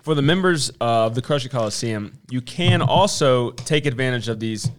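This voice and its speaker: A man co-hosting a relaxed chat about store sales. He gives practical reminders in a plain, direct way. His pitch is ordinary, and he fills pauses with hesitant ums. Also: soft background music. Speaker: co-host. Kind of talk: casual promotional chat.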